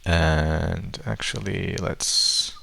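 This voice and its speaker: Low gravelly man explaining code. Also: drawn-out words, pushed and bright. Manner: thinks aloud with frequent fillers and restarts. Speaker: programming tutor. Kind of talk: screen-recorded coding tutorial.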